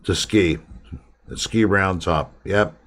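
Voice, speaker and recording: Slow, low-voiced man rambling casually. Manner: rambling, relaxed, chatting to viewers. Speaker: live stream host. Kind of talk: casual live chat.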